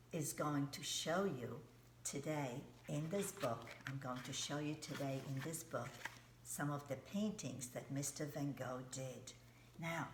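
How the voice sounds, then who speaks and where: Slow, low-voiced woman teaching kids art. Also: echoey room, slight background noise. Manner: slow, simple, coaxing teacher talk with questions to kids. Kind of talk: children's art lesson.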